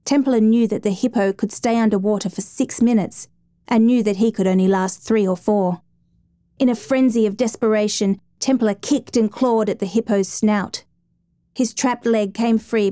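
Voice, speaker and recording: A woman reading a dramatic true story as a steady, measured narrator. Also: mid-range voice, no echo, studio quality.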